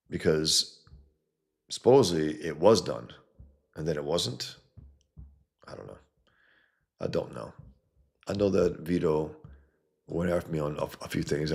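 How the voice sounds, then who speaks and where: A man with a very low voice hosts a casual livestream from his home setup. He reads viewer comments aloud and answers them bluntly, rambling along and sometimes swearing. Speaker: livestream host.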